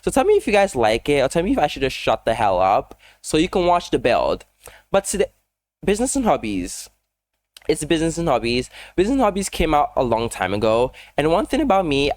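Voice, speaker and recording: A man talking casually over a game build video, rambling fast with lots of fillers and self-deprecating asides. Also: mid-range voice. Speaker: gaming YouTuber.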